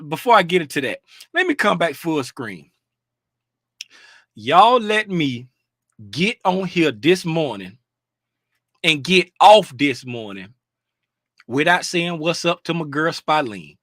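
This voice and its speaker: Male livestream host from Florida, high bright voice, animated and casual. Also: dry recording, clean studio sound. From Fort Lauderdale, Florida. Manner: animated, greets chat by name, bursts of laughter and shouting. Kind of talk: casual livestream chat with viewers.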